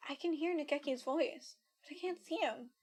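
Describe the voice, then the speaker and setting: A woman's voice: high voice, normal speed, darkish tone. A woman streamer reading a visual novel aloud, narrating steadily with casual asides. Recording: game music playing behind.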